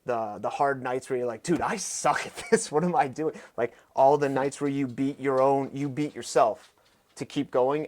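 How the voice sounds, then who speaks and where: Young man, coach, casual storytelling, animated, voice leaps up when excited, mid pitch. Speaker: podcast guest, fitness coach.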